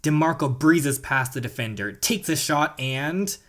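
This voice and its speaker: A man voicing an excited male sports commentator in a story game, calling the play-by-play briskly. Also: on the high side.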